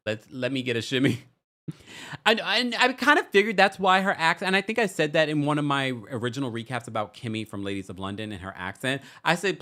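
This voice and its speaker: A man's voice: a little high, a little fast. A man hosting a casual live stream, reading viewer messages and taking calls. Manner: animated, reads super chats aloud. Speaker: host.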